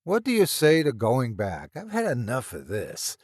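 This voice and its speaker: A man's voice: medium pitch, huge pitch swings, darkish tone, dry recording, clean studio sound. Man playing nervous, reasoning young man. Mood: uneasy. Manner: uneasy, measured.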